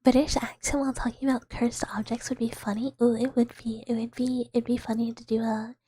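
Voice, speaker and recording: A woman VTuber streamer chatting with viewers in a soft ASMR whisper, rambling with fillers and giggles, close to the mic. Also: a little high, little pitch movement, brisk, slightly rough.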